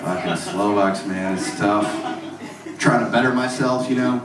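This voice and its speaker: A stand-up comedian from Mississippi doing a crude, profane routine, with deadpan asides to the crowd. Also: male voice, fairly low pitch, a little slow. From Mississippi, USA. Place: comedy club stage. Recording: echoey club recorded from far off.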